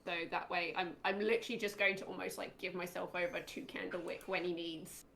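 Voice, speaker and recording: A woman's voice: on the low side, flat delivery, brisk, vocal fry, fairly bright tone, slight background noise. A woman playing a tabletop game, describing her character's moves hesitantly with many fillers. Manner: hesitant, lots of "like" and "literally". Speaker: player. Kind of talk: casual tabletop play.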